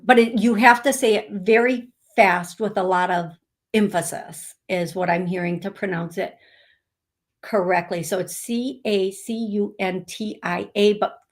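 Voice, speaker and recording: Slow soothing woman psychic host. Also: mid-range voice. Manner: hesitant, many fillers. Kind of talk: live-streamed reading session.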